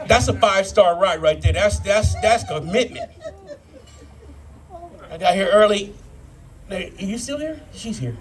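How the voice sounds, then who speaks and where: Here the same kind of act plays out: a man in his fifties with a high-sitting voice and moderate pace does stand-up at a live brew pub show. The comedian swaps profane stories and banter with the crowd.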